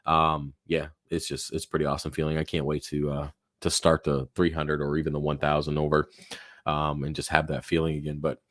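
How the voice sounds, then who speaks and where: A deep-voiced man hosts a live Q&A stream, rambling through casual talk with plenty of fillers and restarts. His voice is hoarse and fading. The sound is dry and close. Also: completely flat delivery, a little fast, a bit bright, no echo. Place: home office.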